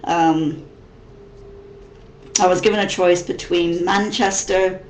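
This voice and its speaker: A woman's voice: fairly low pitch, fairly even intonation, takes it slowly, slight background noise. A woman in her thirties from Missouri whose American accent is mixed with English, chatting in a rambling, casual vlog Q&A style. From Missouri, United States. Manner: chatty, rambling, frequent restarts. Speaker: vlogger. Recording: roomy echo.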